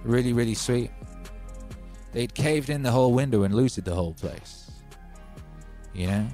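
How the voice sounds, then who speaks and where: Guy rambling on his stream from home, wry storyteller, low music behind. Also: normal speed, long pauses, mellow. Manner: chatty, wry storytelling with hype openers. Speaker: livestream host. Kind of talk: rambling casual chat.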